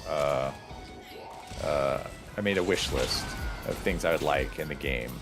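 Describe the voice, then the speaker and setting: Deep-voiced rambling wry male gamer. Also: unhurried, over music. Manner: rambling, wry and self-mocking. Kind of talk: casual gaming chat.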